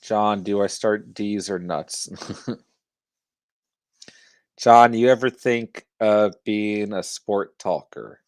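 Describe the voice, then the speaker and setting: Gravelly low-voiced man streaming. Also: slow, pauses often, a little mellow, no echo. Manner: reads viewer chat aloud, easygoing. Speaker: host. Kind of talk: casual live-stream chat.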